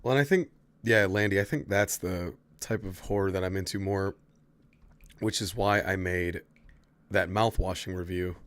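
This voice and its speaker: A man's voice: low-pitched, moderate pace, fairly bright tone, no room sound. A man casually chatting to his viewers while playing a horror game, swearing freely and answering chat. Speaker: streamer. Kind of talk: casual gameplay commentary.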